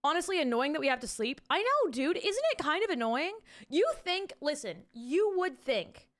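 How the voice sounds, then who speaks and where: A woman's voice: high-pitched, very animated, normal speed, fairly bright tone. A young woman streaming from home, chatting casually with her viewers, reading chat aloud and swearing freely into a desk mic with a pop filter.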